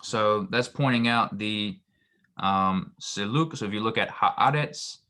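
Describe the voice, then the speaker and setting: A man teaching grammar in a very low, deep voice. He explains patiently and haltingly, with frequent ums and restarted phrases. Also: bright, forceful tone. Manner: hesitant, many ums and restarts. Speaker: Hebrew grammar tutor.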